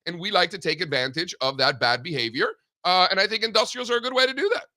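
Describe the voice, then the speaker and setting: A man co-hosting a casual market talk show over a video call, animated and joking, with lots of fillers. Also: high-pitched, quick pace.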